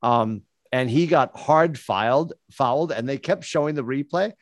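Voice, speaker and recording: A man's voice: mid-range voice, moderate pace, dry recording. Rambling man on a podcast. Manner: rambling, tangents and filler words. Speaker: podcast co-host. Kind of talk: casual sports chat. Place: home studio room. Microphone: studio podcast mic.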